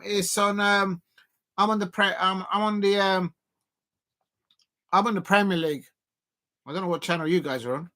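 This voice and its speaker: A man hosting a live football watch-along, chatting and calling the action in a rambling, excitable way that rises to shouts at big moments. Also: high voice. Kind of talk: live match commentary and chat.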